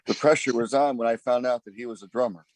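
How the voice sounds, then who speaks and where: A band member in an easygoing interview, telling a story in a relaxed, halting way. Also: male voice, medium pitch, no room sound, rough recording. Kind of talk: casual interview chat.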